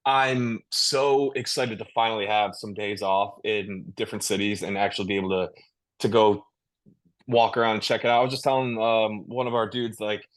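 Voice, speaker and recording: A low-voiced man chatting in a relaxed, rambling way, often restarting his sentences and laughing easily. He sounds like a touring musician speaking from a video call. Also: normal speed. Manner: laid-back, rambling with many restarts and laughs. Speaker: touring metal band musician, guest. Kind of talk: casual interview chat.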